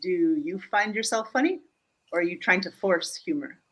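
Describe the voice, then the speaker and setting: Brief: woman from Germany, lively joking coach on a video call, mid-pitched voice. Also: poor audio. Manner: animated, joking, quick asides; checks in with frequent "Yeah?". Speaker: guest speaker and humor coach. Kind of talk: live online interview.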